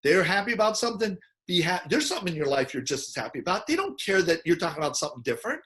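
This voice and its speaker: A man giving an animated teaching talk, acting out quoted people in loud, excited bursts. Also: sits high, very fast. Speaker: personality model speaker.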